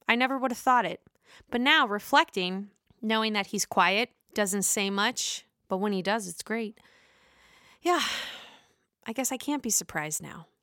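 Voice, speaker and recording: A woman's voice: mid-range voice, a little slow, pauses often, fairly bright tone, no room sound, clean studio sound. A woman giving a casual, opinionated and profane recap of a reality show.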